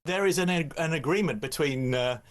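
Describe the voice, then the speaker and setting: A man as a political commentator guest, measured and hesitant, often restarting his sentences. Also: on the high side. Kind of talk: live radio debate.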